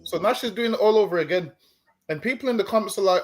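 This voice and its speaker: A man with a high voice lectures his listeners on a stream. He talks in a preachy way, stumbles over repeated words and keeps coming back to "listen, man.". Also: fast. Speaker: street preacher co-host. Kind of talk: stream discussion.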